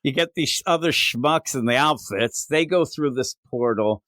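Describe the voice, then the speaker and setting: A man's voice: medium pitch, normal speed, fairly bright tone, dry recording, clean studio sound. A man co-hosting a comic book podcast, recapping an issue in casual, profane, sarcastic chat and acting out the characters' lines.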